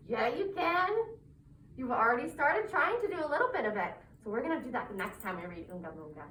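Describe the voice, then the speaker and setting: Expressive woman teacher reading aloud. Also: fairly high pitch, brisk, a little hiss or hum. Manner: animated, expressive, with gasps and questions to the children. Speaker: preschool teacher. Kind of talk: reading a picture book aloud to children. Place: classroom. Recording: echoey classroom from a distance.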